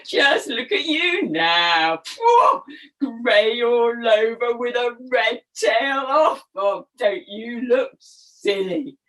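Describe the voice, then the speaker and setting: A woman voicing a flock of proud exotic birds in a children's story, jeering and taunting loudly. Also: a little high, big pitch swings, takes it slowly, far from the mic, voice pushed down, exaggerated voice.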